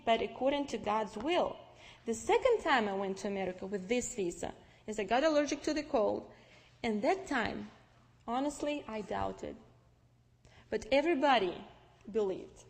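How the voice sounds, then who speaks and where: A young woman with a Russian accent, Russian-speaking by birth, telling her personal faith story to an audience in a lively, storytelling way. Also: fairly high pitch. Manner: lively storytelling with restarts and acted-out dialogue. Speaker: speaker giving testimony. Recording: long reverb from a large hall.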